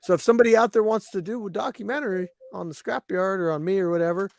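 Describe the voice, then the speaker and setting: A man's voice: high-pitched, steady tone, fast, vocal fry, dry recording. A man from Washington State hosts a laid-back podcast, wandering through his thoughts with fillers and restarts. His mid-range voice sounds dry and close. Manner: rambling, many fillers and restarts. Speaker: podcast host. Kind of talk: casual chat.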